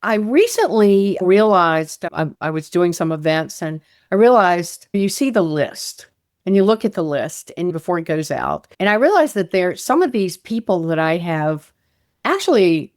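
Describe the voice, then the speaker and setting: An expressive woman host interviewing a guest in a casual way, her questions broken up by laughs. Her voice sits on the low side for a woman. The sound is dry and close. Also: normal speed, no echo. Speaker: podcast host.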